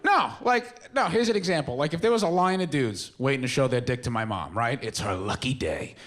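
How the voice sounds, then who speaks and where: A man doing stand-up, rambling and self-deprecating, breaking into sudden shouts. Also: medium pitch, expressive, brisk. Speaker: stand-up comedian. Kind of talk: stand-up storytelling. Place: stage with a live audience. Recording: live stage recording with faint room noise.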